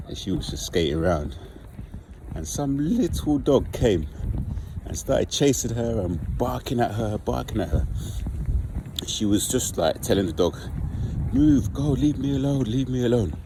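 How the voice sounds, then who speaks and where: A man with a low, deep voice talks straight to his viewers in a loose, rambling vlog. He leans on "like" as he works through what happened. Steady traffic noise carries behind him. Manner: rambling, informal, heavy use of "like". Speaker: vlogger. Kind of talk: casual storytelling monologue.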